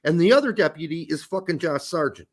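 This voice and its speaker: A man's voice: fairly high pitch, animated, quick pace. A man hosting a casual sports podcast, blunt and heated, swearing freely as he argues his points. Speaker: podcast host.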